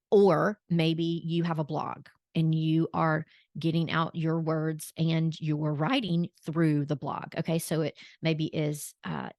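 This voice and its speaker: A woman podcast coach talks with eager, chatty enthusiasm, checking in with "okay" after each point and restarting her sentences. Her voice sits on the low side. The recording is dry and close. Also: a little mellow, dry recording. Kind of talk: casual teaching monologue. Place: room with bookshelves behind her.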